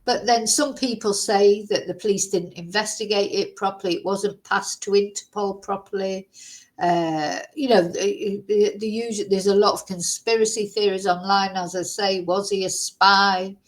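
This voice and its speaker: A woman's voice: mid-range voice, fairly even intonation, moderate pace, poor audio. A woman vlogger in casual chat, thinking aloud and musing through lots of rhetorical questions.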